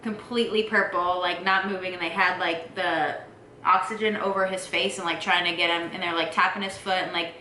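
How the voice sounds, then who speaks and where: A woman casually telling a story with her partner, animated and acting out quotes in high squeals. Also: a little fast, slight background noise. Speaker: vlogger, partner of the mother. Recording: echoey room.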